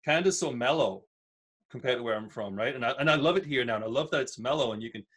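A man from near Newcastle with a softened Northern English accent, chatting casually as a podcast guest and swearing freely. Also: mid-range voice, quick pace, breathy edge. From England, near Newcastle. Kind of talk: casual chat.

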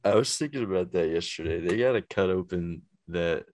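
A man's voice: low-pitched, brisk, a little mellow. A man chatting casually on a podcast as a comedian guest, loose and laughing, with lots of restarts. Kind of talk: casual chat.

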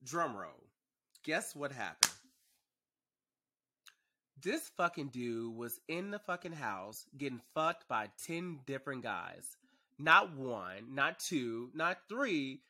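A young man hosting a podcast, telling a story in a sassy, animated, profane way. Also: on the high side, takes it slowly. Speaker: podcast host. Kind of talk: casual storytelling.

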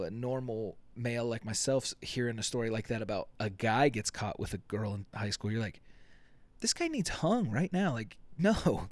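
A man's voice: medium pitch, no echo. Man, young adult, solo podcast host, profane, jokey, rambling, dead-dry recording. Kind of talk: casual solo podcast rant.

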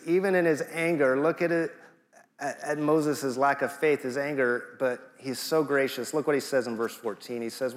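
A man's voice: fairly high pitch, fairly bright tone, long reverb tail. A middle-aged man preaching a sermon in a conversational way, dropping jokey asides. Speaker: guest preacher.

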